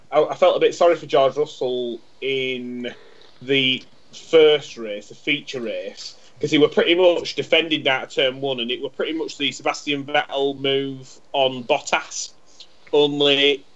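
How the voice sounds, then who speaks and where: A man's voice: mid-range voice, a bit bright. A man, co-hosting a podcast in casual chat, rambling and repeating himself as he tells a story. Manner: rambling, stumbles and repeats words. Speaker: podcast co-host. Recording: dull lo-fi sound.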